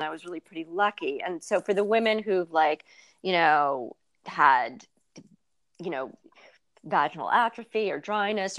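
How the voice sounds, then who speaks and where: A woman's voice: lowish voice, a bit bright. A woman in her fifties, a writer being interviewed, talking candidly and thoughtfully with many fillers and restarts. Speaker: guest, writer and blogger. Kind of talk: casual interview conversation.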